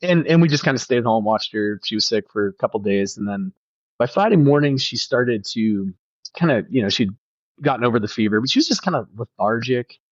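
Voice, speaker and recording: A man's voice: mid-range voice, expressive, a little fast, no room sound. A man who is a pastor, earnestly telling a personal story as a podcast guest, often restarting his sentences. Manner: earnest, reflective, many restarts. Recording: dull, slightly lo-fi, dry sound.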